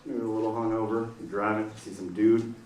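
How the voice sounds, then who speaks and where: A man doing a stand-up comedy set on a small stage, talking in an animated way and dropping into quick silly voices. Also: fairly low pitch, reverberant, far from the mic, a little hiss or hum. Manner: animated, swings into quick put-on voices for jokes. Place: small comedy stage in front of a live audience. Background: audience laughing and clapping.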